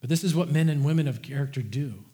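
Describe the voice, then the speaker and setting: A man's voice: mid-range voice, fast, warm tone. A man preaching a sermon, impassioned and repetitive, often restarting his words as he builds a point. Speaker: pastor.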